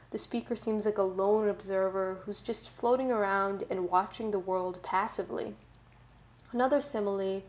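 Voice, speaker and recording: A woman tutor giving a clear, methodical tutorial on analyzing a poem. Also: medium pitch. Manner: clear, methodical, friendly teaching. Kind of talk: tutorial explanation.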